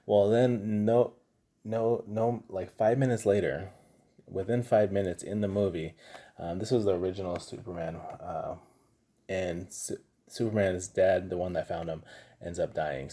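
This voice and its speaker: Math teacher, middle-aged man, low mellow husky voice, easygoing anecdotal delivery. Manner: relaxed, chatty, tells anecdotes with lots of fillers. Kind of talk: casual classroom lesson.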